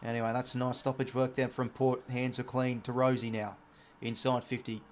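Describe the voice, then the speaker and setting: An Australian man hosting a live watch-along, calling the play as it happens, getting excited on big plays and chatting to his viewers in between. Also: mid-range voice, fairly quick. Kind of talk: live play-by-play commentary over a match.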